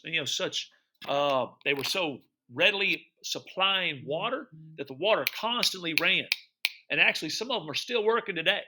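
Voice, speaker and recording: This middle-aged man, whose voice sits on the high side and sounds bright and forceful, walks students through his travel photos. Enthusiastic and talkative, he repeats words and keeps asking them questions.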